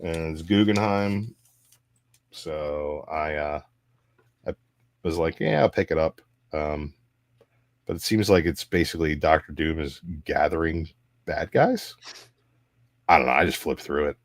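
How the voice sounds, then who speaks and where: A man hosting a casual live stream chat, swearing freely and telling stories in an animated way. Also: a bass voice, unhurried, long pauses, no room sound, clean studio sound. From United States. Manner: profane, ranting, animated storytelling. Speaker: show host.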